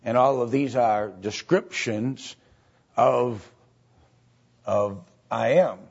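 A man teaching a Bible study lecture, halting with fillers and often checking in with "right?" and "okay?". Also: medium pitch, vocal fry, a little mellow, slightly rough. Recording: dull lo-fi recording.

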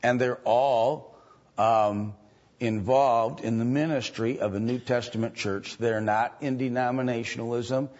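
Slow, halting male Bible teacher. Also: mid-range voice, fairly even intonation, a little mellow. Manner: slow and halting, many ums and restarts. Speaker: preacher. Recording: dull lo-fi recording.

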